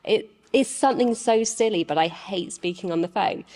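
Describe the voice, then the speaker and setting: A woman's voice: medium pitch, normal speed, darkish tone. Woman coaching, in a reverberant room. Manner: chatty, reassuring, coaching tone. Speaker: podcast co-host, coach. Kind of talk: casual chat.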